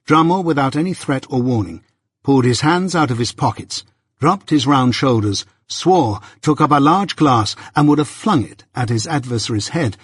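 Husky male narrator for a first-person classic audiobook, expressive, dry close-mic sound. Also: mid-range voice, dry recording.

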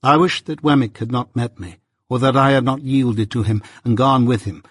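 A man reading an audiobook in a measured, unhurried way. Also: medium pitch, fairly even intonation, slightly rough, dry recording. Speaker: audiobook narrator. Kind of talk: scripted narration. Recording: dry close audiobook recording.

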